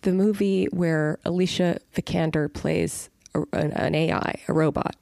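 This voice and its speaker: A middle-aged woman co-hosting a podcast, chatting and telling stories with quick asides. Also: lowish voice, steady tone, creaky, warm tone, dry recording, clean studio sound. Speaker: podcast co-host. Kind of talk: casual chat.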